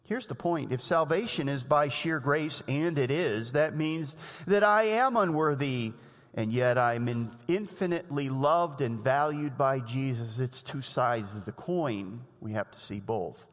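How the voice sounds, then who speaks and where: A pastor preaching an animated sermon, often acting out the voices of the people he quotes. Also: a little slow, in a large hall. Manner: animated, acts out voices of people and Jesus, rising pitch when quoting.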